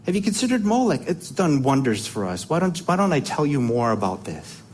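A man voicing a scheming enemy king, all friendly charm and soft persuasion. The voice rides noticeably higher than a plain speaking voice, sweet-talking and eager, like a salesman of false gods. It comes in short, chummy bursts within a sermon. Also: very animated, fairly quick, a little hiss or hum. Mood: coaxing.

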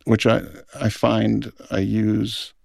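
Man, middle-aged, film director guest, heavy vocal fry, dry close sound, earnest and reflective. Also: fairly low pitch, monotone, slow, darkish tone, no echo. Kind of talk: reflective interview talk.

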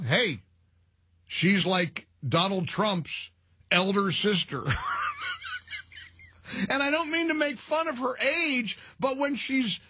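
Animated, mocking talk radio host man. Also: very high voice, slightly rough, no echo, clean studio sound. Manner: mocking, animated, laughs at his own jokes. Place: radio studio.

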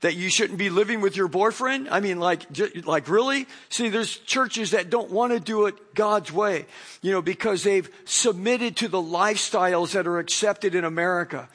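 A man's voice: sits high, normal speed. A middle-aged man preaching a sermon as pastor, talking in a loose conversational way and acting out little stories. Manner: conversational, animated storytelling with acted voices.

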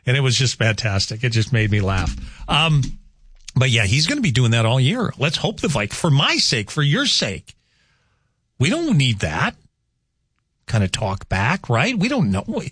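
A man's voice: medium pitch, big pitch swings, unhurried, fairly bright tone, husky, no room sound. A man hosting casual morning radio, rambling through weather and chatty asides in a studio. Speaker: radio host. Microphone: studio microphone.

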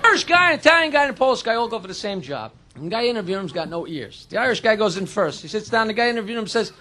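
A man's voice: high voice, very animated, rapid-fire, hardly any pauses, bright, forceful tone. A man telling crude, brash one-liners in a stand-up set. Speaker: stand-up comic. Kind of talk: rapid-fire joke telling.

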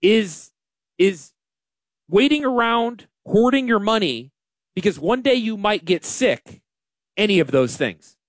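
A man hosting a casual radio talk show as a financial advisor, animated and self-deprecating. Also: high voice, slow, long pauses, no room sound.

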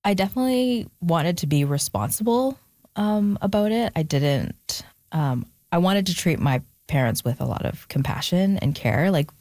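Low-voiced woman, reflective interview guest. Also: lively intonation, moderate pace, darkish tone, dry recording, clean studio sound. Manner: reflective, many fillers, gets emotional. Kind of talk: casual interview conversation.

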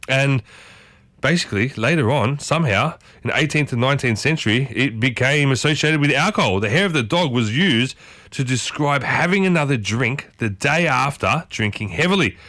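A man's voice: medium pitch, animated, quick pace, sharp tone, no echo, studio quality. A man hosting a casual talk, chatting to his listeners and often turning to ask them questions. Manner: chatty, asks the audience many questions. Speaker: host.

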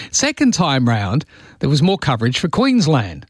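Jovial talkback radio host. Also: male voice, mid-range voice, huge pitch swings, normal speed, no room sound, studio quality. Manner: jovial, chatty, laughs easily. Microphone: studio microphone.

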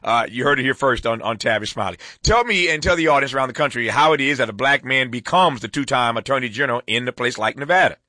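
A man hosting a radio talk show and interviewing a guest, lively and joking, laughing often. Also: mid-range voice, quick pace, few pauses, no room sound. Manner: animated, laughs often, playful banter. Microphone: studio microphone.

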